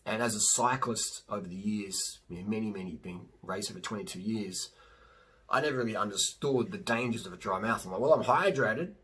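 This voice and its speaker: A man's voice: fairly low pitch, brisk, bright, forceful tone, slightly rough. A middle-aged man, a cyclist, talking casually and emphatically to camera in a rambling, slangy way. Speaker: vlogger and cyclist.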